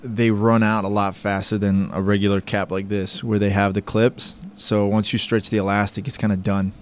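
A man's voice: fairly low pitch, flat delivery, normal speed, slight background noise. A man co-hosting a podcast in casual chat, joking with his co-host and cheerfully plugging the show. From Florida, USA. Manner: joking, upbeat plugs for the show.

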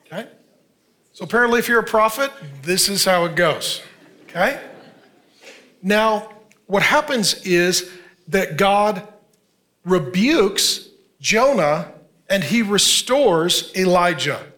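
A man in his fifties, a pastor preaching an earnest, conversational sermon with quick asides. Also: high voice, expressive, sharp tone. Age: 50s.

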